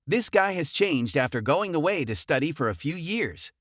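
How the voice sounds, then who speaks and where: A man's voice: on the high side, very animated, moderate pace, fairly bright tone, no room sound, clean studio sound. A man voicing a timid young woman who speaks nervously.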